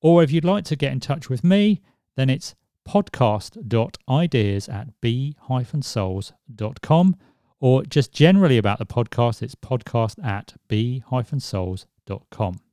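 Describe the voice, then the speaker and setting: A man's voice: mid-range voice, lively intonation, unhurried, dark tone, no room sound, studio quality. A man hosting a podcast with public speaking tips, chatty, acting out examples and using many fillers. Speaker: podcast host.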